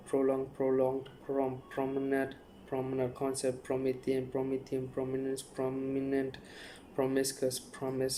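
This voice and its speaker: A man reading dictionary entries aloud one after another in a flat listing manner, sometimes stumbling over words. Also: medium pitch, slight background noise, poor audio. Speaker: YouTuber. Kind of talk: reading word list aloud.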